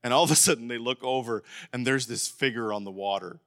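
Middle-aged male pastor with a bright, forceful voice who preaches with energy and keeps calling out to the congregation. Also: medium pitch, quick pace. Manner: animated preaching, calls out to congregation. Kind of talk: sermon.

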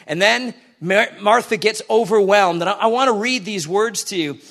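A man's voice: high voice, moderate pace, a bit bright. A man preaching a conversational sermon in a church, asking the congregation questions as he goes.

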